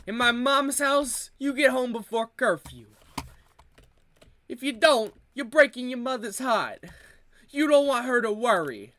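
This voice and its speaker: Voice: mid-range voice, expressive, measured pace, fairly bright tone, pitched above the performer's own voice. A streamer voicing a brash, exaggerated Italian-American family storyteller in a choppy put-on accent, doing comedy bits. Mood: mock-stern.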